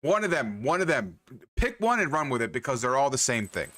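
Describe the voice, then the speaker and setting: Streaming a game, this young New Yorker keeps up profane, playful hype banter with his viewers. His mid-range voice is sing-song, pushed and bright, and he speaks a little fast.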